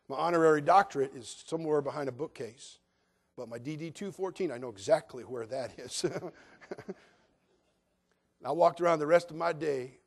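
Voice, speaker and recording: Older man preaching earnestly, fairly high voice. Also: gravelly, darkish tone. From California. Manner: earnest, direct preaching that addresses listeners as friend. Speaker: pastor. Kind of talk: sermon.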